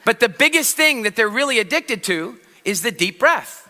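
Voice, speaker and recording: A man giving a live seminar in a large hall, energetic and playful, drawing the audience into acting things out with him. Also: extremely high pitch, normal speed. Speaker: public speaking trainer. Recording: roomy hall with long reverb.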